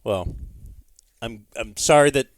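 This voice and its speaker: A man's voice: mid-range voice, slow, no room sound, studio quality. A man hosting a podcast in casual chat, teasing and bantering with his guests. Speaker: podcast host.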